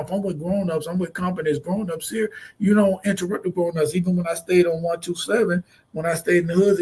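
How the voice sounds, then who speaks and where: A man with a notably high, husky voice co-hosts a talk show. He speaks bluntly and swears freely. He tells his stories with animation. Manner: blunt, profane, animated storytelling. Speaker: co-host. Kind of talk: casual radio talk.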